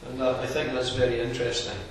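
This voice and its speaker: A preacher gives an earnest, measured expository sermon in a monotone, explaining the text one point at a time at an everyday pitch. Recorded from afar in a large hall, his voice echoes heavily over faint room noise.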